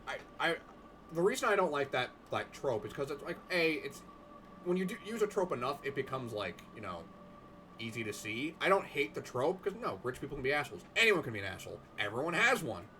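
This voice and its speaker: A young man giving excitable, jokey let's-play commentary, swearing casually. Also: mid-range voice, fairly quick, slight background noise. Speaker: gaming host.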